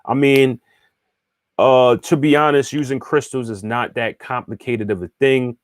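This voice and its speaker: A man speaking as a spiritual teacher and astrologer answers viewer questions in an unhurried, casual teaching monologue. His medium-pitched voice holds a steady tone, and he keeps checking in with the listener and restarting phrases as he thinks. The studio-quality audio has no room sound.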